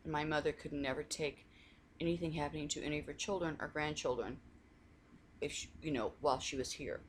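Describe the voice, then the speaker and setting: A faith vlogger chats casually over coffee, rambling through family stories with frequent restarts and the occasional laugh. Her voice is low and steady, her pace brisk, with a little hiss or hum underneath.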